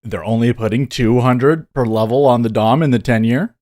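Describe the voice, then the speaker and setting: A man's voice: mid-range voice, moderate pace, a little mellow. A man hosting a day trading livestream, talking casually and exasperatedly, swearing as he rants at the charts. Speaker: day trader streamer.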